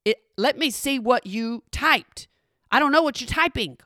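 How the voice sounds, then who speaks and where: A woman telling a funny personal story in an animated, exasperated way, talking straight to her listeners. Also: high voice, measured pace, dry recording, studio quality. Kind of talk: comedic storytelling monologue.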